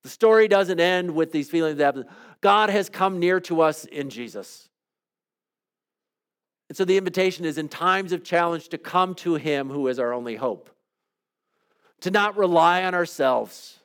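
A man leading a devotional, praying aloud in an earnest, pleading way with soft, hushed trailing endings, then teaching calmly. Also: fairly high pitch, measured pace, clear, resonant tone. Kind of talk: reflective spoken prayer and teaching.

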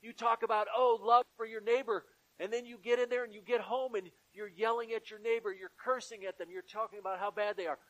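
A man's voice: high-pitched, fairly even intonation, fast, few pauses, a bit bright, low-quality recording. A man preaching to his congregation in a church, earnest, building his points through repeated phrases. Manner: earnest, repetitive preaching cadence. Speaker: pastor. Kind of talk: sermon.

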